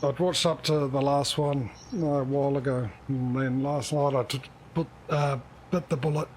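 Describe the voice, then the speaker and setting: A man's voice: mid-range voice, fairly even intonation, normal speed, a little hiss or hum. A man streaming a game, chatting casually and joking at himself while he plays. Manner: chatty, self-mocking, talks to himself while playing. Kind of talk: casual gaming livestream chat.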